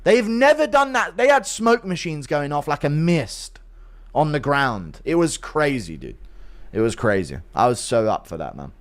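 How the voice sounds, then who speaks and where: A man's voice: on the high side, moderate pace. A man hosting a livestream, reading chat donations and ranting with heavy swearing. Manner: profane, ranting, animated. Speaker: livestream host.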